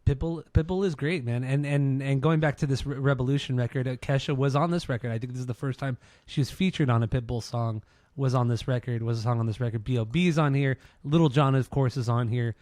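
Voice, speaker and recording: A man's voice: mid-range voice, fairly even intonation, a little fast, darkish tone, dry recording. A young man co-hosting a podcast in casual chat, blunt and enthusiastic, with frequent swearing. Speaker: podcast co-host.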